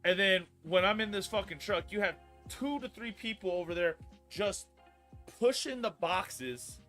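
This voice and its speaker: A man in his thirties telling a long work story on a stream, profane and rambling, growing loud and heated as he goes. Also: high-pitched, animated, a little slow, faint music behind. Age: 30s. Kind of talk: casual storytelling chat.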